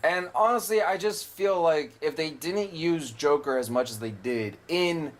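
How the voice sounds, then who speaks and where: A man's voice: a little high, unhurried. A young man casually commentating a video game, rambling and opinionated, with frequent swearing. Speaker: gameplay commentator. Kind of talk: casual let's play commentary.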